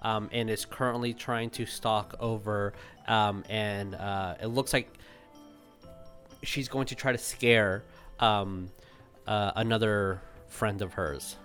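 Halting man running a tabletop game. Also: fairly low pitch, fairly even intonation, a bit bright, faint music behind. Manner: halting, many ums and uhs. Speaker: game master.

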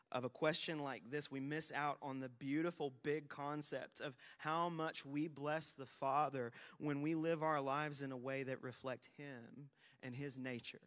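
A young man preaching a sermon, telling self-deprecating stories with sudden loud bursts of emphasis. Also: on the high side, steady tone, normal speed. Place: church sanctuary. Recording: long hall reverb.

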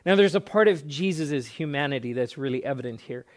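A man's voice: medium pitch, animated, a little fast. A man preaching a sermon as a pastor, earnest, often repeating words and stretching out phrases for emphasis.

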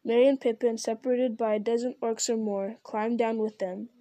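A woman reads a fantasy story aloud in a steady, measured manner. Her voice is a little high yet mellow. The recording is close and dry. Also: no echo. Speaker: audiobook reader. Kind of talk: storybook narration.

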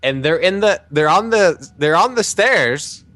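A man hosting a podcast, telling a jokey anecdote in a casual, animated way, with some swearing. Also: a little high, unhurried, no echo. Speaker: podcast host. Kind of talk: casual storytelling chat.

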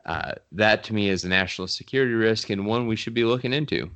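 A man's voice: fairly low pitch, quick pace, fairly bright tone. A man co-hosting a podcast, reading news items aloud and chatting with dry humor. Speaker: podcast co-host.

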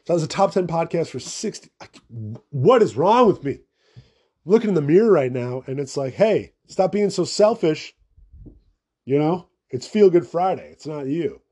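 A young man rambles through a casual solo podcast monologue, swearing freely and mocking himself along the way. His fairly high voice is mellow and slightly rough, with lively intonation at a moderate pace.

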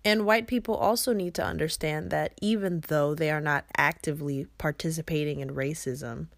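A young woman hosting a podcast, delivering a blunt, profane, impassioned monologue that swings between yelling and quiet intensity. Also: sits low, fairly even intonation, normal speed, creaky, dry recording, clean studio sound. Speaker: podcast host.

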